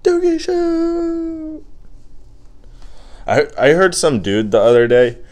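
A man's voice: mid-range voice, animated, moderate pace, darkish tone. A young man hosting a podcast, rambling through casual chat with crude jokes and lots of fillers.

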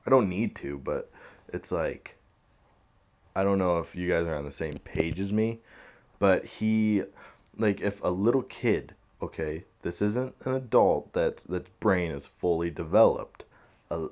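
A young man rambles through the news in a relaxed, rambling podcast chat, cursing freely and chuckling at his own points. His voice sits very low, and he takes his time with every sentence. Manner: laid-back, rambling, laughs often, swears. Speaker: podcast host. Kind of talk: casual commentary on news.

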